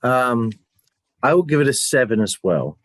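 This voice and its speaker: A man's voice: medium pitch, big pitch swings, moderate pace, fairly bright tone, dry recording, soft background music. A man co-hosting a casual review chat, talking in a rambling, hesitant way and swearing casually. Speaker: podcast co-host.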